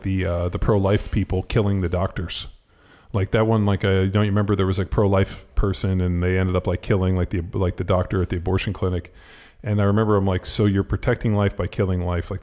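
A man's voice: deep voice, steady tone, fast talker, darkish tone. A man co-hosting a podcast in loose, rambling casual chat, full of fillers and swearing. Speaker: podcast co-host.

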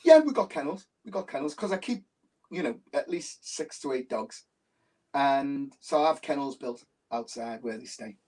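A man's voice: mid-range voice, normal speed. Man telling stories, off-mic. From Liverpool, England. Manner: animated storytelling, repeats phrases for emphasis. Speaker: interview guest, musician. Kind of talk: casual interview talk. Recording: voice distant from the mic.

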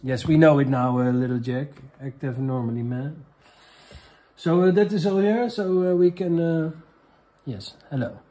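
A man with a Dutch accent, a native Dutch speaker, hosting a comedy vlog and reading out viewer questions in a crude, rambling, halting way. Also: on the high side, mellow. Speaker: host.

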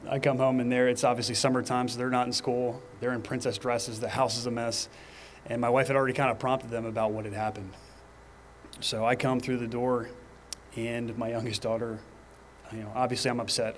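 A man in his thirties giving a fire department training talk, telling personal stories in an earnest way, with pauses and restarts. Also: mid-range voice, a little hiss or hum. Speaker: fire department lieutenant presenter. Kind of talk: training presentation.

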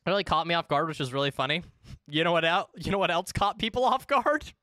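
A woman in her twenties, chatting casually and excitably with viewers while streaming a game, swearing freely. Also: deep voice, fast, dry recording, clean studio sound. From United States. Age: 20s. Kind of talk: casual live-stream chat.

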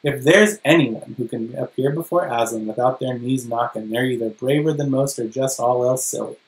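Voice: mid-range voice, moderate pace, pitched below the performer's own voice, natural voice, poor audio. A preacher voicing a motherly female beaver from a storybook, plain-spoken and homely. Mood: knowing.

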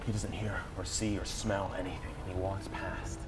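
A man's voice: low-pitched, level tone, normal speed. A young man narrating a tabletop game as game master, describing scenes with dramatic flair and frequent restarts.

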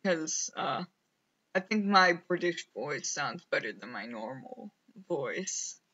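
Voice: mid-range voice, big pitch swings, slow pace, bright, forceful tone, highs cut off. A streamer rambling casually over gameplay, mumbling to themself and poking fun at themself, on a headset mic. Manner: self-mocking.

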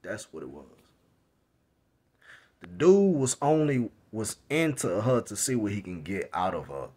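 Animated young man ranting to camera. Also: fairly low pitch, unhurried, husky. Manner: animated, repetitive, slangy storytelling with quoted voices. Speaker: vlogger. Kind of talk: casual rant to camera.

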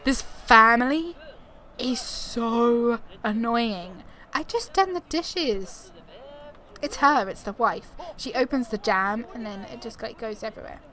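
A woman's voice: on the high side, expressive, slow pace, bright, forceful tone. A woman doing chatty let's play commentary at home on a desktop mic, narrating her moves and often laughing. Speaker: gaming YouTuber. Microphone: desktop USB mic.

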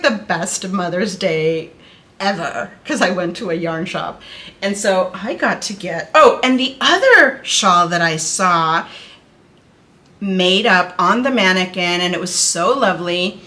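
A woman's voice: medium pitch, sharp tone. A woman in her thirties chatting casually to her viewers as a knitting vlogger, gushing and bubbly, calling them "you guys".

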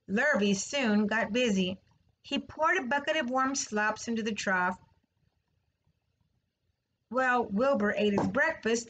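A woman, a third grade teacher, reading a children's novel aloud slowly, clearly and expressively. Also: fairly high pitch, a bit bright, a little hiss or hum, rough recording. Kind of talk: storybook read-aloud.

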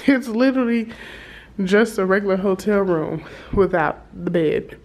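A woman, chatting casually to viewers as a flight attendant vlogger and telling a story with animated asides. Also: mid-range voice, normal speed, slight background noise, rough recording. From Texas. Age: 30s. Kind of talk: casual vlog chat. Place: hotel hallway and room. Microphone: handheld compact camera.

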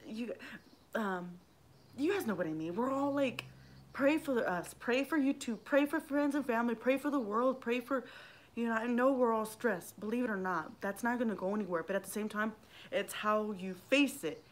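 A woman's voice: fairly high pitch, moderate pace. A middle-aged woman rambling casually on a livestream vlog, swearing freely and greeting viewers by name. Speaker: livestream vlogger.

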